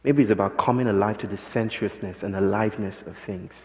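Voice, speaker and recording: A man giving a public talk, telling stories in a measured, philosophical way. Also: lowish voice, fairly even intonation, darkish tone. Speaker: speaker. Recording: long hall reverb.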